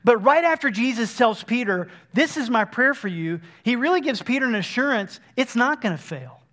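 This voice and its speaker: A man's voice: very high voice, lively intonation, moderate pace, bright, forceful tone. A man preaching a sermon, explaining scripture earnestly and acting out the speakers in his own words.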